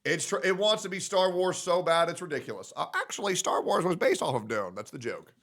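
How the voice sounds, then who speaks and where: A man streaming live, ranting loudly and profanely, swinging between shouts and low mutters. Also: lively intonation, a little fast. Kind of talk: ranting casual chat.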